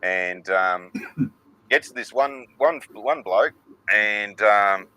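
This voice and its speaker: A man's voice: fairly low pitch, drawn-out words, clear, resonant tone, poor audio. A man, co-hosting a casual chat show, telling stories full of swearing. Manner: sweary, animated storyteller. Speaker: podcast co-host.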